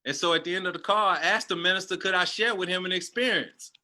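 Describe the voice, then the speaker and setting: A man's voice: sits high, fast talker, pushed and bright. A man telling a passionate personal testimony as a guest, in a storytelling manner.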